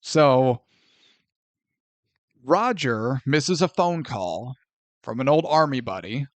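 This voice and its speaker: A man's voice: mid-range voice, animated, slow pace, no echo. A man co-hosting a podcast, chatting casually about a movie and acting out scenes with sound effects and quoted lines. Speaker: podcast co-host. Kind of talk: casual movie review chat.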